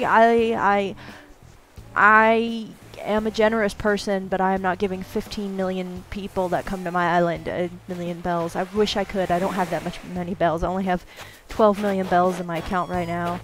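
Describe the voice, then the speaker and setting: A woman's voice: medium pitch, moderate pace, slight background noise. A woman hosting a gaming video, chatting casually and rambling upbeat while she plays. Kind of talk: casual gameplay commentary.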